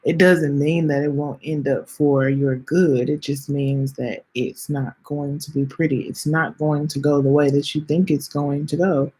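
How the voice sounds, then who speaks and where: Husky podcast host lady late 20s, slow and halting, almost crying, keeps repeating herself and saying y'all. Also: low-pitched, steady tone, dark tone. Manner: halting, earnest, repeats phrases, addresses listeners as y'all. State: close to tears. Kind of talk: heartfelt personal reflection.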